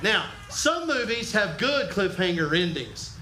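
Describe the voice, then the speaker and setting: A man preaches with a high, bright voice and lively energy. He keeps drawing the congregation in and has them repeat lines back to him. The sound is roomy and echoing, with a faint hiss underneath. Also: moderate pace, hardly any pauses. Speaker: pastor. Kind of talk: sermon. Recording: echoey room with faint ambient noise.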